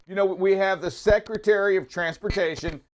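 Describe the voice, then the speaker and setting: Upbeat man, high voice, chatty live-show co-host. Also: fairly even intonation, a little fast, slight background noise. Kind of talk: casual live-stream chat.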